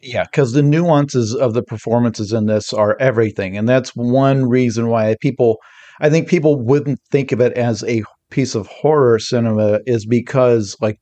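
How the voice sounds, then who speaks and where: A man as a podcast guest in a casual discussion, talking in an animated way and quickly acting out quotes. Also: medium pitch.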